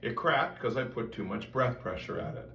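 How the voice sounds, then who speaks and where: A man's voice: medium pitch, lively intonation, moderate pace, gravelly, bright, forceful tone. A man giving a voice lesson, explaining step by step and breaking off to demonstrate vocal sounds. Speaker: voice teacher. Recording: roomy sound, mic at a distance, faint background noise.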